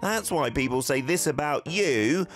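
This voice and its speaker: A man's voice: a little high, lively intonation, a little slow, soft background music, voice pushed up. A man voicing an indignant young man in a skit, confronting a friend who bad-mouthed him.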